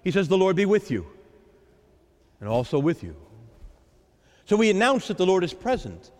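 A man preaching a sermon as a priest, acting out the voices of the Lord and the disciples with lively drama. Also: high-pitched, normal speed. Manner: animated, dramatizing the Lord's and disciples' lines. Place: church. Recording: echoey church with long reverb.

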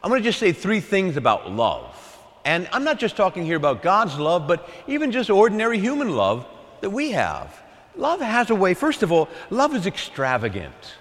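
Animated preacher man in a reverberant church. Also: sits high, moderate pace. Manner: animated preaching, repeats key phrases, asks listeners for agreement. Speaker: priest. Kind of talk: sermon.

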